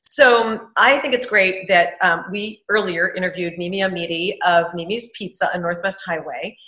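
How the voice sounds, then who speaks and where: A woman's voice: on the low side, moderate pace, sharp tone, reverberant, low-quality recording. A woman from Manhattan co-hosting a show, chatty and enthusiastic, laughing often in a casual interview. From Upper East Side, Manhattan. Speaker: show co-host.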